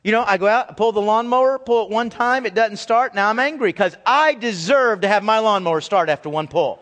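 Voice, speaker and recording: Male pastor, high-pitched, conversational and lively, in a church with long reverb. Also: fairly quick. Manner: conversational, animated, acts out quoted voices. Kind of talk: sermon.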